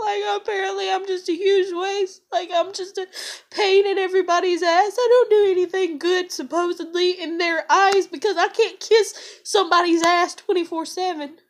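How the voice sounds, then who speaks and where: A young mother crying and venting alone at home, tearful and swearing in an emotional vlog rant. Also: extremely high pitch. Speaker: mother vlogging.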